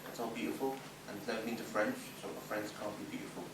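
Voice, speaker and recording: An actor improvising an earnest, deadpan English man devoted to a pony cartoon, recorded from far off in an echoey workshop room with noise. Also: on the low side, very fast, lightly acted. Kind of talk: improvised comedy scene.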